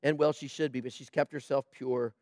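A man's voice: medium pitch, fairly even intonation, brisk, darkish tone, no room sound, studio quality. A man preaching a sermon in a conversational way, joking with people in the congregation. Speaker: pastor.

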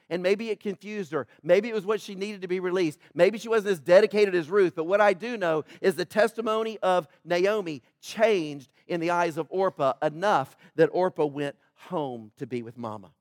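Male pastor, high voice, dry close sound; preaches emphatically to his congregation, dropping to hushed asides. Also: moderate pace, few pauses, no room sound. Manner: emphatic preaching with swings between loud build-ups and hushed asides; addresses the congregation directly, calling for responses. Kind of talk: sermon. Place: church, in front of a congregation.

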